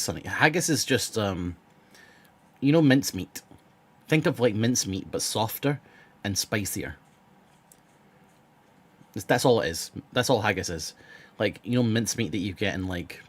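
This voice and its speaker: A man with a sore throat riffs on food to his live-stream chat. He speaks in a lowish voice, blunt and rambling, with plenty of swearing and many restarts. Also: expressive, moderate pace, pauses often, husky.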